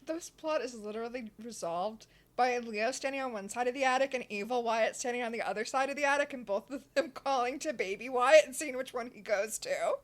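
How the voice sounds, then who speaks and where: A woman's voice: fairly high pitch, a little fast, few pauses. A woman co-hosting a podcast who adds wry, joking commentary in casual chat. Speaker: podcast co-host.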